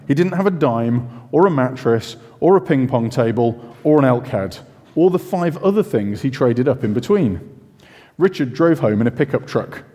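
A man preaching a sermon, his tone mellow and warm while his pitch rises and falls with lively expression. He talks in a chatty, self-questioning way with casual asides. His voice carries a long reverb from the church hall.

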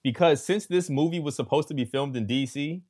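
A man hosting a casual podcast about a film, talking in an animated way and acting out what he thought. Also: a little high, a little fast. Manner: animated, acts out quotes, frequent "like". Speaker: podcast host.

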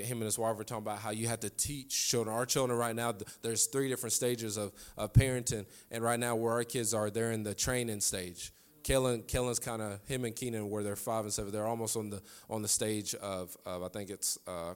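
A man, preaching a sermon to a congregation and repeating key lines for emphasis. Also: medium pitch. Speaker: pastor. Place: church sanctuary.

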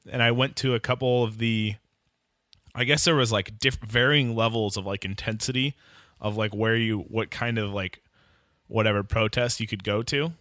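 A man's voice: fairly low pitch, sharp tone, no echo, clean studio sound. A young man in casual podcast chat, rambling with many fillers and joking. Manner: rambling, many likes, jokey.

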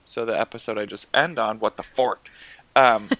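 Man, podcast co-host, crude jokester, lower voice, crisp tense tone, dead-dry room. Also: moderate pace, fairly bright tone, no room sound. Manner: joking, swears freely, acts out quotes. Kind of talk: casual chat.

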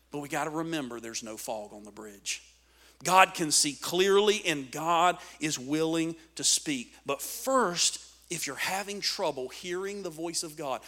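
A man preaching a sermon with dynamic swings between loud emphatic lines and hushed asides. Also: high voice, expressive, measured pace. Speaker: pastor.

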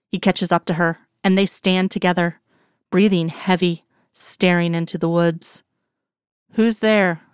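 Woman, story reader, measured, smooth tone, dry close recording. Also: fairly low pitch, dry recording. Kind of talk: storytelling narration of fan fiction.

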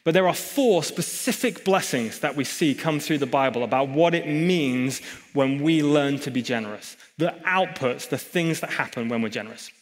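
A man's voice: a little high, animated, moderate pace. A man preaching a sermon in a church hall, emphatic, with chatty asides to the congregation. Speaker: pastor.

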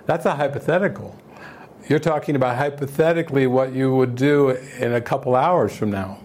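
A man's voice: mid-range voice, brisk, a little mellow. A man teaching at a spiritual retreat in a conversational way, often chuckling and restarting his phrases.

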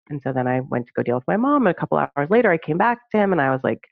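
A woman's voice: low-pitched, fast, creaky, dry recording. Woman on a tinny, dry line. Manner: animated, reenacts dialogue with many fillers. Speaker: podcast guest, social justice trainer. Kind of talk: personal storytelling in conversation. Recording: narrow phone-like dry audio.

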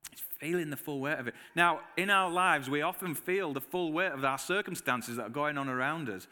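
A man preaching a sermon, telling lively personal stories and acting out his own reactions, with a Northern English accent. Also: on the high side, fairly quick, big-room sound. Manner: animated storytelling, acts out his own reactions. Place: church hall.

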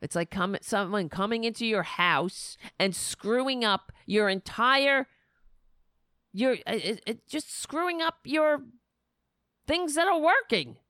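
A woman's voice: a little high, animated, slow, a bit bright, dry recording. Indignant woman ranting, dry sound. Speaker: political commentary host. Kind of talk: opinionated monologue.

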